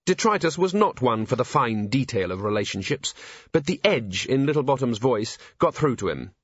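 A man's voice: medium pitch, sing-song, moderate pace, a bit bright, breathy edge, no room sound, muffled recording. Man narrating an audiobook, dry sound. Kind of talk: scripted narration.

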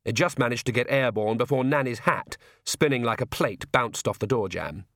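In a studio-quality recording free of room sound, a medium-pitched man reads an audiobook with measured, expressive delivery.

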